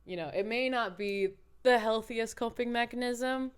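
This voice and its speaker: A woman's voice: fairly high pitch, moderate pace, smooth. Candid, foul-mouthed woman storyteller. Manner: candid, profane, animated storyteller. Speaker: podcast co-host. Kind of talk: casual chat.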